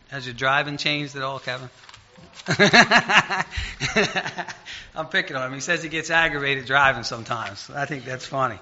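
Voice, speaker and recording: A man preaching an informal sermon in a conversational way, getting loud and emphatic when he retells stories. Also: medium pitch, muffled recording.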